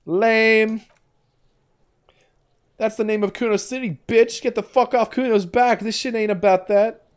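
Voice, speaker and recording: A man's voice: fairly even intonation, a little slow, long pauses, clear, resonant tone. A man voicing a bratty, foul-mouthed boy who taunts a cop in a video game. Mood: taunting. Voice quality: shrill, taunting, shouty.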